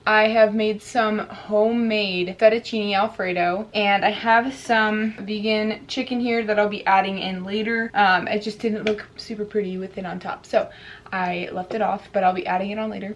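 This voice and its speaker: A woman's voice: mid-range voice, dull audio. A young woman vlogger chatting casually to her viewers while she eats. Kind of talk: casual mukbang chat.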